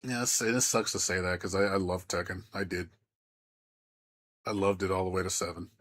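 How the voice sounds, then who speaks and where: A man's voice: low-pitched, steady tone, moderate pace, a bit bright. A man streaming games, ranting in a heated, profane way with lots of stammering restarts. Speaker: game streamer. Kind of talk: live-stream rant.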